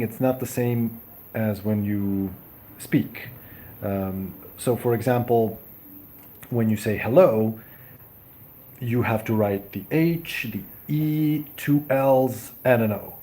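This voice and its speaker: A young man from Serbia hosting a casual live stream, chatting and answering viewers with many pauses and restarts. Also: medium pitch, warm tone, slight background noise. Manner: hesitant, many ums and restarts; friendly, thanks viewers often. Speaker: livestream host. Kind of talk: casual live chat reading viewer comments.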